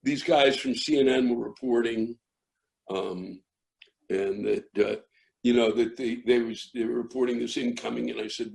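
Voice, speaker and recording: An older American man, a comedian, tells a rambling story that keeps restarting and builds into yelling. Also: mid-range voice, steady tone, normal speed, gravelly, low-quality recording. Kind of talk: storytelling interview.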